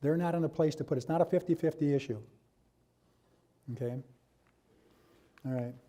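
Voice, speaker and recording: A man's voice: fairly high pitch, normal speed, dark tone. A man presenting a workshop, giving loose, chatty instructions to a room with many restarts.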